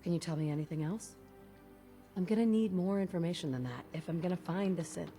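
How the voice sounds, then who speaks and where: A woman's voice: lowish voice, brisk, warm tone, soft background music, lightly acted. An actress playing a direct, determined female hero in a video game. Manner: direct, questioning.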